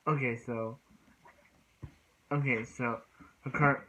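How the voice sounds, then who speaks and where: A man's voice: mid-range voice, steady tone, slow, sharp tone, lo-fi sound. A man casually recapping an anime episode as a reviewer, rambling with frequent restarts and "he's like" retellings.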